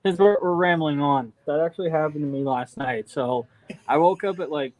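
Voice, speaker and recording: A man's voice: a little high, moderate pace, dry recording, lo-fi sound. A man co-hosting a casual cooking podcast, telling a long story with lots of fillers and restarts. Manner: rambling storyteller with many fillers. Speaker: podcast co-host. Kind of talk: casual chat.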